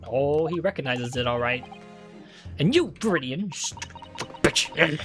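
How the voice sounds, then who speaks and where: A woman's voice: sits low, animated, measured pace, music in the background. Crude, joking woman streamer. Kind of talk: casual game stream commentary.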